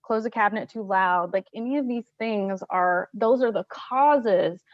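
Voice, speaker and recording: A woman's voice: mid-range voice, a little slow, dry recording. A woman hosting an interview, talking bluntly and frankly in a casual way. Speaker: host. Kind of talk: candid interview talk. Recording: dry, slightly muffled lo-fi audio.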